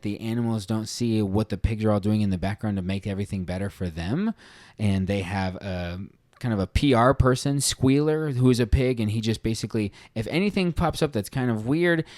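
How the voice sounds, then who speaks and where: A man's voice: on the low side, brisk, darkish tone, no room sound, studio quality. A man hosting a podcast, retelling a book's story in a casual, earnest, conversational way. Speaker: podcast host reviewing a book. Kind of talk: casual spoken book review.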